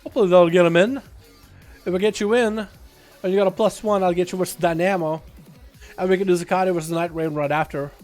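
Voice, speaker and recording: Sick young guy streaming games, pretty high voice, chatty and excitable, soft music in the back. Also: fast. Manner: excitable, rambling, laughs often. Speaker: livestream host. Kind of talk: casual gaming stream chat.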